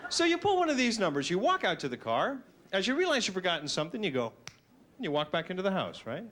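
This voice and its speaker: A man doing a stand-up routine, self-mocking and animated, slipping into silly voices. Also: high-pitched, fast. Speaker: stand-up comedian.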